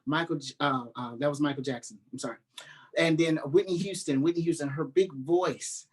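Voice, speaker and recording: Man, gospel singer, radio interview guest; animated storyteller. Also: moderate pace, husky. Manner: animated storyteller, acts out quotes in a high voice. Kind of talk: casual interview talk.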